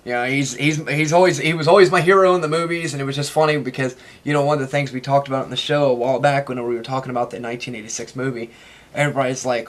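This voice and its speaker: A man, chatting excitedly in an interview about his collection, rambling and laughing often. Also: mid-range voice, racing. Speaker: interview guest, toy collector. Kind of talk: casual interview chat.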